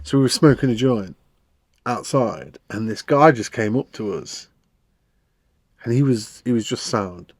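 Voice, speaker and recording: A man co-hosting a podcast, telling stories in a casual, animated way. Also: mid-range voice, measured pace, long pauses, dry recording, clean studio sound. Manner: animated storytelling with frequent laughs. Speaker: podcast co-host. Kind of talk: casual chat.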